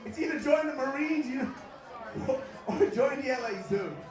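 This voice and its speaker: A man from Los Angeles works a bar crowd with a live stand-up set, his voice pitched unusually high for a man. His delivery is punchy and profane, and he shouts the bursts that land his jokes. The room rings with echo, and the audience laughs loudly around him. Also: expressive, unhurried. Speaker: stand-up comedian and host.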